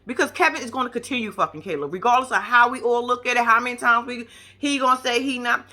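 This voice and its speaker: A woman giving brash, profane, animated commentary on a reality show. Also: fairly high pitch, quick pace. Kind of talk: casual reaction commentary.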